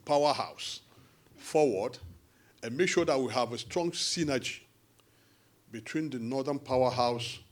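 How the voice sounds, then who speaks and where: A man with a Nigerian accent addresses a forum meeting in an animated, conversational way, with quick asides. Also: medium pitch. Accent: Nigerian English. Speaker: diaspora party official addressing a support forum.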